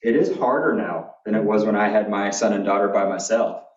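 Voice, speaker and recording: A man's voice: on the low side, brisk, far from the mic. Folksy, blunt keynote speaker, a man. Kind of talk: animated storytelling talk. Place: conference hall. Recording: echoey, dull room recording from afar.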